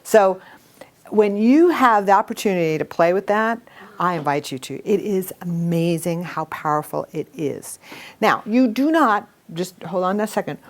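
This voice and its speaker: A middle-aged woman teaching a communication workshop to a live group, talking in a lively, animated way. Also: lowish voice, moderate pace. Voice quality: animated storytelling with acted quotes. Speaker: workshop instructor.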